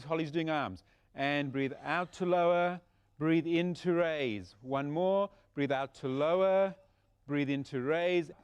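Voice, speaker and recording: Male Pilates instructor with a fairly high voice, calm breath-by-breath cueing, encouraging. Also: smooth. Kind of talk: guided exercise instruction.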